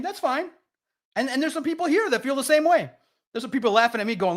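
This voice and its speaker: A man's voice: very high-pitched, sing-song, fast talker. A man hosting a live sports podcast, ranting bluntly and emotionally about a team's loss while reading viewer comments.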